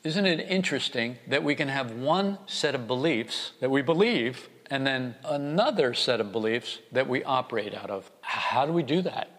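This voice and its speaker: A man's voice: mid-range voice, expressive, normal speed, few pauses, a bit bright. A man preaching a conversational, wry sermon, often acting out the voices he quotes. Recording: long reverb.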